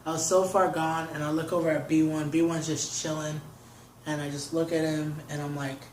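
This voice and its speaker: A man's voice: fairly high pitch, level tone, moderate pace, slight background noise. A young man, an interview guest, telling a long story in casual talk, rambling and filling his sentences with "like". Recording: roomy echo.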